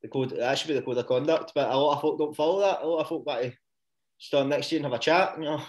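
A man's voice: fairly high pitch, quick pace. A man with a Scottish accent, telling rambling, sweary stories in casual podcast chat and breaking into laughs. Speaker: podcast co-host.

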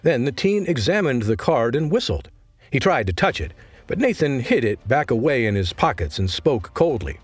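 Male audiobook narrator, husky, lively, faint music bed. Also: mid-range voice, moderate pace, no echo. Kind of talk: scripted narration.

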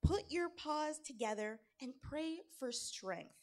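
A woman's voice: mid-range voice, big pitch swings, takes it slowly, gravelly, breathy edge, exaggerated voice. Anansi, a woman putting on a mocking trickster spider. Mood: sly. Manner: mocking, cheerful and loud. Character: sly male trickster spider.

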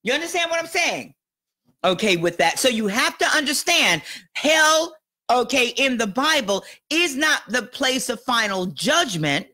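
A woman's voice: sits high, very animated, a little slow, pushed and bright. A woman pastor giving a conversational sermon to a small room, often checking that listeners follow and laughing along the way. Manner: conversational, asks "you understand what I'm saying?", laughs often. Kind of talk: sermon teaching. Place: church or teaching room with a small audience.

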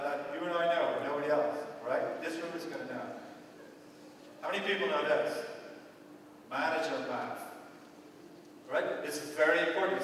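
Dutch man, conference speaker, high voice, dry humor, heavy room echo from a distant mic. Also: a bit bright, slight background noise. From Netherlands. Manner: conversational and wry, keeps checking in with the audience. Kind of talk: conference talk. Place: large lecture hall. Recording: echoey hall, voice from far off.

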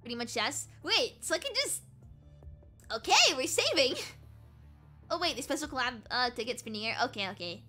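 A young woman streamer plays through a game live, reading its dialogue aloud and joking about herself as she goes. Her voice sits high and bright, with pitch that leaps around as she chatters. Faint game music plays softly behind her. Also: big pitch swings, moderate pace, pauses often. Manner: giggly, playful, self-mocking. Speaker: VTuber streamer.

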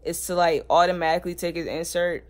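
A man, a parent, chatting casually in a home family vlog and talking gently to his baby, loose and relaxed with lots of filler words. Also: fairly high pitch, fast.

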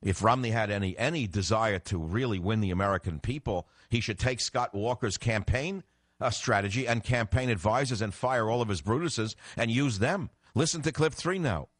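A low-voiced older man hosts a political call-in radio show. He talks forcefully and with indignation, pressing each point. His voice is dry and close, with no room sound. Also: normal speed, dry recording. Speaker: radio talk show host. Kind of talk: political talk radio commentary.

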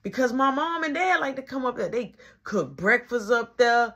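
Husky-voiced woman telling a story. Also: on the high side, normal speed, muffled recording. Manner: animated, slangy, acts out the dialogue. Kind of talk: casual storytime vlog.

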